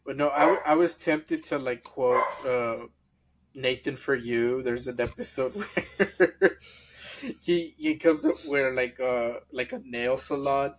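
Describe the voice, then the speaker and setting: A man's voice: medium pitch, slow, a little hiss or hum. A man co-hosting a podcast in casual chat, rambling through a retelling and laughing at the punchlines. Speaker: podcast co-host.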